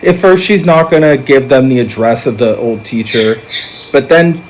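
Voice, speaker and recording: A man's voice: mid-range voice, moderate pace, slight background noise, rough recording. A man recapping a film's plot in a casual, rambling way, with fillers and restarts. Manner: rambling storytelling, animated when quoting characters. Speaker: movie reviewer.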